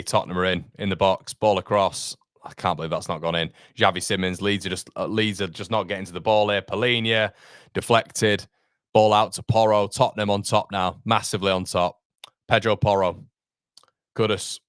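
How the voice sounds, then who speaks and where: A man's voice: low-pitched, fairly bright tone, smooth, no room sound, studio quality. A man hosting a fan watchalong, calling the match live play by play and answering viewer chat, with partisan exasperation. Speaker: fan channel host.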